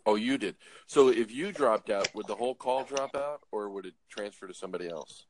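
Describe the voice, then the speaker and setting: Against a noisy background, a man who drives trucks tells rambling, jokey stories in casual conversation. His voice is lowish and fairly quick, with lots of uh's and restarts.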